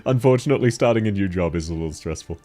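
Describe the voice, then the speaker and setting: A man with a deep timbre chatting casually and jokily while streaming a game, laughing often. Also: expressive, very fast, dark tone, soft background music. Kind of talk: casual gaming stream chat.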